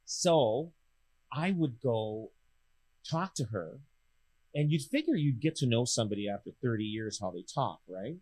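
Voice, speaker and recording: A loud, animated man, talking in casual chat. His voice sits at a middling pitch and he projects every word, a man in his fifties who belts things out. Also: a little slow, a little hiss or hum, rough recording. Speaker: real estate radio show host.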